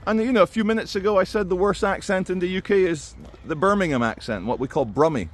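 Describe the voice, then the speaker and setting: A man talking through his opinions in a casual, animated monologue to camera. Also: high voice, fast talker. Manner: conversational and animated, with quoted impressions. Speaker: video commentator.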